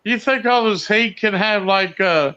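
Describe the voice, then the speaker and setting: A man with a high, bright, clear voice chats casually on a live stream. He talks haltingly, full of fillers and restarts. The sound is dull and lo-fi. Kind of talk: casual chat.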